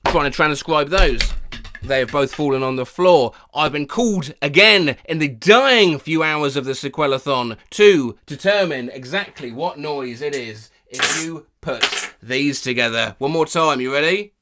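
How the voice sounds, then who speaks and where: A comedy YouTuber reading strange words and sounds aloud with animated, exaggerated delivery and yelps. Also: male voice, on the high side, measured pace, music in the background.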